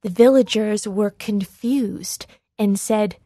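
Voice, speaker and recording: A woman narrates a children's read-along storybook in a clear, expressive voice. She reads slowly and evenly at a middle pitch. The recording is close and dry. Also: dry recording.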